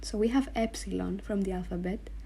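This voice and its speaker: Woman, language teacher, slow and patient, mellow tone, faint room noise behind. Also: medium pitch, steady tone, vocal fry. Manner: slow, patient, spells out sounds and repeats them. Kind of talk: explaining letters on a board.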